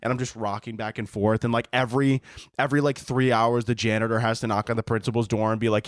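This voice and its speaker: A man's voice: medium pitch, little pitch movement, quick pace, no echo, studio quality. A man hosting a podcast, telling a rambling comedic story with swearing and frequent laughter. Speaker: podcast host. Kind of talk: comedic monologue.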